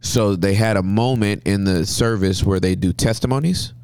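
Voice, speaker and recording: Low-voiced storytelling man in his forties. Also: normal speed, clean tone, no echo, studio quality. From Southern California, US. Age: 40s. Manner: humorous, lively storyteller. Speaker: guest pastor. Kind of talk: interview storytelling.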